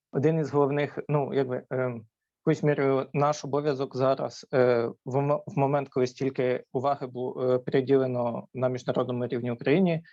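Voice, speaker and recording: A man's voice: medium pitch, mellow, no echo. Man panelist, hesitant with fillers, mid voice, dull dry recording. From Ukraine. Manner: hesitant, many filler sounds. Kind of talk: panel discussion.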